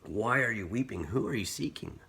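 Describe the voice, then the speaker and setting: A man voicing a gentle risen teacher who speaks quietly to a grieving woman, in a casual retelling. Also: lowish voice, animated, fairly quick, a little hiss or hum, pitched above the performer's own voice.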